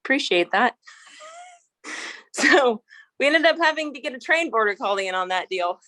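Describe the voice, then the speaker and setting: A woman's voice: high voice, animated, a little fast, bright, forceful tone, no room sound. Chatty horse-trainer woman, dry sound. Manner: rambling, frequent restarts, laughs while telling stories. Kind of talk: casual storytelling interview.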